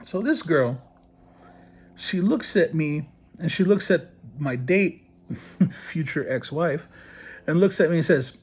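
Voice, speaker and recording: A man's voice: on the high side, slow pace, long pauses, breathy edge. A middle-aged man, a podcast host telling a crude, swearing story and acting out what people said. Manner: crude, animated storyteller who swears and acts out quotes. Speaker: podcast host, body piercer. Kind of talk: casual storytelling.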